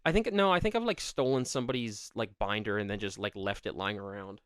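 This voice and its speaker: A man's voice: lowish voice, fairly bright tone, clear, resonant tone, no echo, studio quality. A young man telling rambling stories about school pranks in casual chat, laughing between lines. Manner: rambling storyteller, quick laughs. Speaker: podcast co-host. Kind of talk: casual chat, reading advice aloud.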